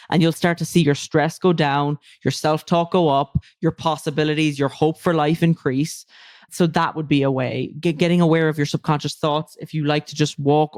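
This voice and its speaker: A woman's voice: deep voice, a little mellow, no echo, studio quality. A woman speaking as a guest coach in a casual podcast interview, emphatic and loose, with casual swearing.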